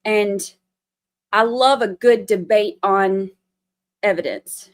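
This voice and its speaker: Hosting a casual livestream, a woman talks through a trial, shifting from firm scolding to chatty explaining. Her medium-pitched voice moves slowly, with long pauses.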